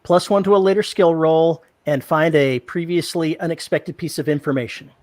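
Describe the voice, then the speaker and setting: A man playing a tabletop role-playing game, speaking with a dry, deadpan delivery. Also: fairly high pitch, normal speed, no echo. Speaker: player. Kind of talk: tabletop role-play banter.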